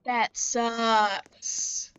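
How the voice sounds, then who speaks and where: A woman's voice: a little high, flat delivery, extremely slow, fairly bright tone, clear, resonant tone, dull audio. A woman giving let's-play commentary, chatty and talking back to the game characters as she plays. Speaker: gamer.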